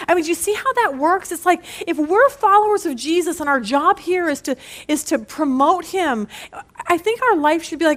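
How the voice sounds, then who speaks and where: A woman's voice: very high voice, moderate pace. A woman leading a women's Bible study, telling stories casually and with animation, often laughing at them. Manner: animated storyteller who laughs at her own stories; casual and conversational.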